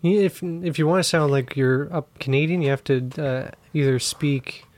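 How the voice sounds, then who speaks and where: A man's voice: a little high, fairly even intonation, moderate pace, darkish tone. Teasing male podcast co-host. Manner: laughs easily, teasing questions. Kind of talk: casual comedic chat.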